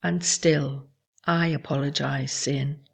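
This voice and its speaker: A woman hosting a show, reading aloud from her memoir in a measured, somber way. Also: low voice, fairly even intonation, creaky, slightly rough. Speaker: host.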